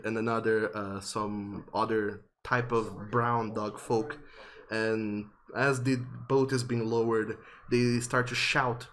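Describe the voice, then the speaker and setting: A man narrating a tabletop game as game master, unhurried and descriptive with frequent fillers. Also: medium pitch, a bit bright, a little hiss or hum.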